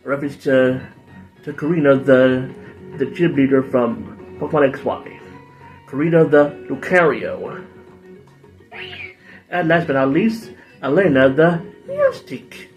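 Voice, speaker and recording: A man's voice: medium pitch, a little slow, pauses often, soft background music. A man hosting his own playthrough video, talking in a rambling, jokey, self-deprecating way. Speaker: gaming channel host. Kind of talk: casual game commentary.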